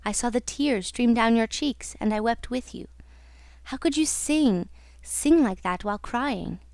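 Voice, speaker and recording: A woman's voice: on the high side, unhurried, a little mellow, no room sound. Woman doing a young nobleman, devoted, earnest, heartfelt, dry close read, storybook.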